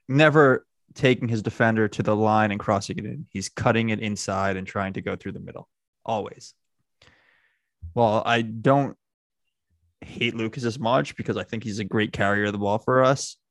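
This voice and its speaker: A man's voice: lowish voice, steady tone, normal speed, no echo, clean studio sound. Man hosting a casual football chat. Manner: laughs often, rambling with restarts.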